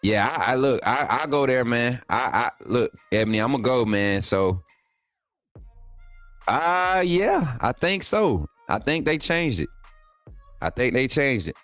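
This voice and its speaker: Unhurried and relaxed, a man runs a casual livestream, going through viewer comments and addressing chat as "man" and "y'all," his pitch leaping when he gets excited. There's no room sound, just faint music in the background.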